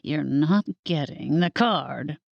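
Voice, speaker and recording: Woman voicing a curt, secretive old witch grandmother, low-pitched and gruff, with a dry close sound. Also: expressive, slow pace, no room sound, dull audio, exaggerated voice. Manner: clipped and curt.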